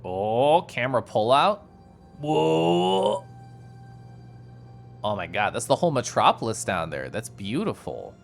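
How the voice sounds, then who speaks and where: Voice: mid-range voice, very animated, slow, creaky, long pauses, soft background music. A streamer giving chatty, playful live commentary while playing a game and joking with chat.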